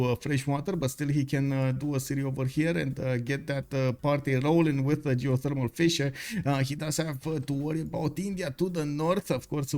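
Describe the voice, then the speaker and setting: A man's voice: medium pitch, darkish tone. A man giving live strategy game commentary, chatty and full of fillers, greeting viewers by name as he goes.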